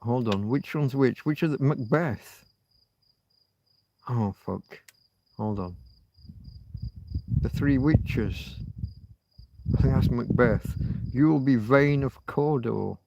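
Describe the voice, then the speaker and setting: A man's voice: mid-range voice, slow pace, creaky, pauses often, mellow, slight background noise. A man hosting a livestream, thinking aloud in rambling casual chat, often muttering and swearing to himself. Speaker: livestream host.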